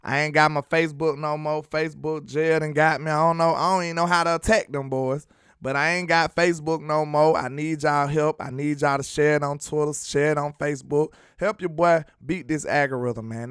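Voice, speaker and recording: A man hosting a sports fan show, talking in an animated, slangy way straight to his viewers. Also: on the high side, a little fast, clear, resonant tone, no echo, studio quality. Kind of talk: casual fan commentary with clips.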